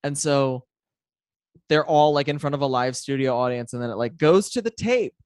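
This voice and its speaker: A man's voice: medium pitch, moderate pace, a little mellow, clear, resonant tone, no room sound, clean studio sound. A man co-hosting a podcast, chatting casually and with enthusiasm, often restarting his sentences. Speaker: podcast co-host. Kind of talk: casual chat.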